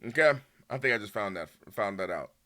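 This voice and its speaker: A man streaming and reacting to a video in a heated, casual rant, swearing often and swinging between loud outbursts and low muttering. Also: expressive, fairly quick. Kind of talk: casual ranting commentary.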